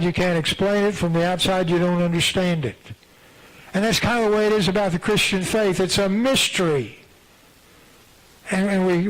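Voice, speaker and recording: In a church sanctuary, a pastor with a high-pitched voice preaches a sermon in a conversational way, repeating phrases and restarting often. The recording is low quality.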